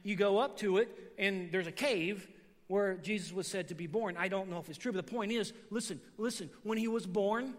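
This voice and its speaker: A man with a very high voice preaches to his congregation, swinging from quiet asides to loud emphatic peaks. He keeps it casual, telling a story and throwing in "man" and "all right?" His words carry the long reverb of a church hall. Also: normal speed. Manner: animated storytelling, conversational, says "man" often. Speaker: pastor. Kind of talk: sermon. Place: church sanctuary.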